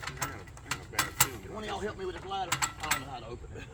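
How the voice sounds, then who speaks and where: A man's voice: mid-range voice, very animated, rapid-fire, close to an everyday voice. A man playing a shady, bumbling tree worker in a comic ad skit, speaking outdoors with noise around him. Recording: outdoor noise, distant mic.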